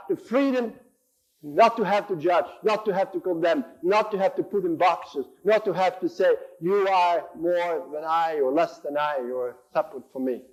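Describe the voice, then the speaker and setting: A man's voice: sits high, a little mellow, poor audio. A man in his sixties giving an impassioned sermon in a church, building on repeated phrases and acting out inner voices. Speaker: preacher.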